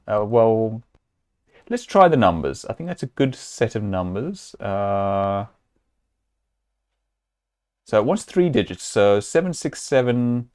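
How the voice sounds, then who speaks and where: Lively man thinking aloud over a game. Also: mid-range voice. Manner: chatty, thinks aloud, amused chuckles. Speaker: streamer playing a point-and-click game. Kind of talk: casual let's-play commentary.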